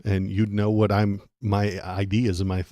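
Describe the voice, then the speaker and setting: A man's voice: fairly low pitch, flat delivery, a little slow, warm tone, no room sound, studio quality. A man from Texas hosting a casual political livestream, rambling and sarcastic, restarting his sentences often.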